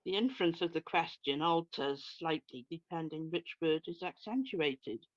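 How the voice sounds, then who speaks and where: A speaker explaining a Bible passage in a measured, expository way with light touches of humor. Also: medium pitch, dry recording, muffled recording. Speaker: Bible study co-presenter. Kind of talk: conversational Bible study discussion.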